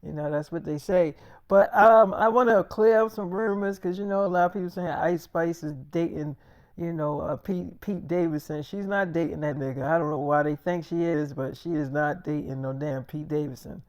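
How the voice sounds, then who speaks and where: A man's voice: on the high side, fairly even intonation, normal speed, smooth, dry recording, studio quality. A man telling an improvised story in a casual, slangy, rambling way, often stumbling and restarting his words.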